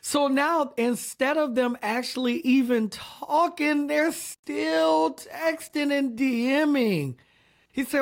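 Man, co-host, unhurried delivery, animated joking storyteller. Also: very high voice, creaky. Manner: animated storyteller, laughs often, acts out quotes. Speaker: podcast co-host. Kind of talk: casual chat.

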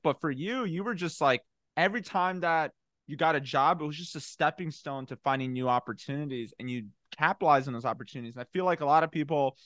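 A man's voice: a little high, fairly bright tone, no room sound, studio quality. A man hosting an interview, chatting casually and affirming his guest. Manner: affirming, laughs along with the guest. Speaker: podcast host.

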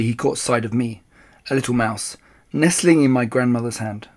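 A man narrating a children's storybook aloud in an expressive, animated way. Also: mid-range voice, normal speed. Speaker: audiobook reader.

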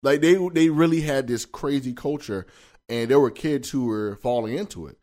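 A man's voice: mid-range voice, moderate pace, dark tone. A man hosting a podcast, who speaks in a reflective, supportive way and asks thoughtful questions. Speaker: podcast host. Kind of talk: casual interview.

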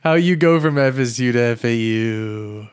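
A male podcast co-host in easy, casual talk. His voice sits at an average pitch. He keeps the chat going with teasing questions. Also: clear, resonant tone. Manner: teasing, asks quick questions.

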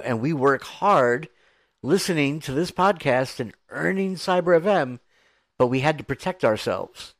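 An American podcast host with a mid-range voice, telling stories with enthusiasm and plenty of quick asides. His voice sounds dry and close, with no room around it. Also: mid-range voice, no echo. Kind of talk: casual podcast chat.

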